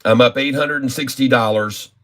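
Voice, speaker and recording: A man's voice: mid-range voice, normal speed, a bit bright. Grumbling man cursing at his trades. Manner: grumbling, cursing, exasperated muttering. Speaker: day trader vlogger. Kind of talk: casual live trading commentary.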